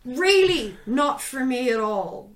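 A woman's voice: a little high, animated, a little slow, echoey room. A woman playing in a tabletop game who speaks in a wry, hesitant way. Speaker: player. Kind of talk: tabletop role-play chat.

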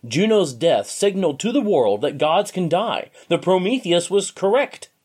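A man narrating a story in an expressive, steady reading voice. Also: high-pitched, moderate pace, breathy edge.

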